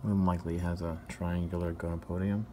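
A man who teaches a class, casually showing his fish tanks and describing them in loose, halting phrases. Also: deep voice, little pitch movement, dark tone, a little hiss or hum. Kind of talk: casual show-and-tell narration.

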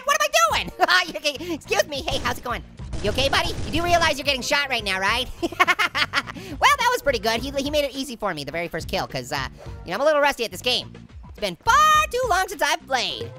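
Punny cackling orange dude, high and bright, faint game music. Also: male voice, full character voice. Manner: cackling, pun-making, jokey. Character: wisecracking male talking orange, goofy, punny. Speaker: let's play host. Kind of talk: let's play commentary.

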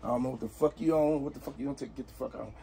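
A man's voice: medium pitch, rapid-fire, warm tone, a little hiss or hum. A man, an uncle caught in a prank, ranting in exasperation, swearing constantly and repeating himself.

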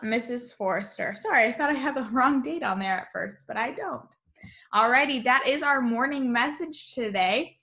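A woman teacher talks slowly and cheerfully to young children in a remote lesson. Her voice is bright and sits a little high, with a sing-song lilt.

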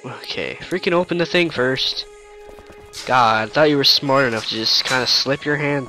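A man's voice: mid-range voice, normal speed, bright, forceful tone. A man hosting a gaming video, thinking aloud and joking as he plays. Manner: joking, chatty, thinks aloud, laughs at his own jokes. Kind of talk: let's-play commentary. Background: game music.

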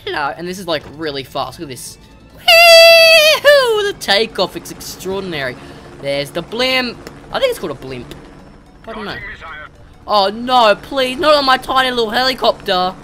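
A gamer giving excitable let's play commentary, yelling and cheering often while flying. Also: mid-range voice, normal speed.

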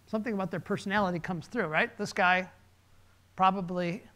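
A man, a designer, giving a relaxed, conversational presentation with slides, pausing with fillers. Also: high-pitched.

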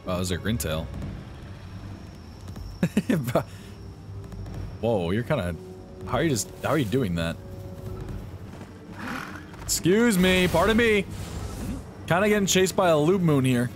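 A young man giving live gameplay commentary, excitable and often yelping and swearing at enemies. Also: a little high, takes it slowly, pauses often, music in the background. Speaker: streamer.

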